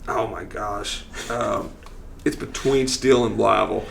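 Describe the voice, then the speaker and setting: A man, a coach telling lively stories on a podcast and acting out what people said. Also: on the low side, moderate pace, creaky, slight background noise. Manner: animated storyteller who acts out quotes with laughs. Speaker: football coach and teacher.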